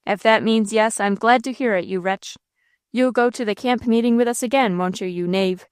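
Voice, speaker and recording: A woman's voice: a little high, normal speed, clear, resonant tone, no echo, studio quality, close to an everyday voice. Woman voicing a blustering old uncle. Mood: scornful. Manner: thundering, scolding, blustering. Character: blustering, hot-tempered old man.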